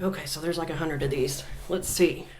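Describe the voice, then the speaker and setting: A young woman giving a casual tarot reading, thinking aloud with frequent fillers and reading scripture passages slowly. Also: sits low, fairly even intonation, darkish tone, soft background music. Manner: unhurried, thinking aloud with many fillers, reads verses slowly. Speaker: tarot reader. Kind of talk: casual spiritual reading to camera.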